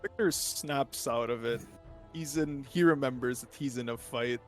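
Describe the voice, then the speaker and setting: A man's voice: mid-range voice, moderate pace, soft background music. A man playing a tabletop game, hesitant and searching for words. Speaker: player.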